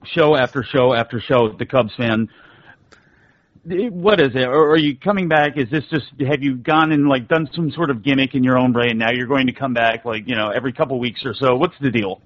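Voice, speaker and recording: A man's voice: medium pitch, brisk, no room sound, dull audio. A man on a radio talk show, chatting casually and needling the others with teasing questions.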